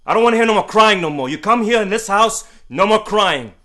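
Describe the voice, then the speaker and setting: A man voicing a stern, angry father who scolds his son in loud, hammering, repeated orders. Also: sits high, expressive, a little fast, voice pushed up. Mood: furious. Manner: shouting, hammering, repetitive orders.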